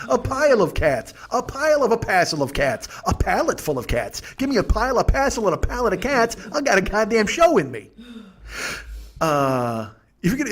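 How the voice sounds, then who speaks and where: A man's voice: high voice, a bit bright, slight background noise. A man hosting a podcast, telling a rambling, profane comic story with lots of stammering restarts. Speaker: podcast host.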